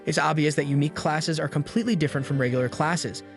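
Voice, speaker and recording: A man reading a scripted fantasy story recap in a plain, even storytelling manner. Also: fairly high pitch, fast, soft background music. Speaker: recap narrator.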